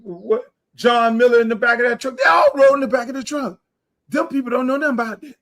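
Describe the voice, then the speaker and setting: A middle-aged man hosting a podcast, ranting loudly and boastfully, with a lot of profanity. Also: very high voice. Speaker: podcast host. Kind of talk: heated casual talk.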